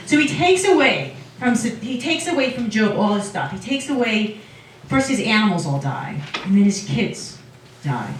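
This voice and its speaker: Lady rabbi telling a story all animated, sounds far away in a big echoey room. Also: mid-range voice, moderate pace, slight background noise. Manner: lively, casual, animated storytelling. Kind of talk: lecture storytelling. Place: lecture room.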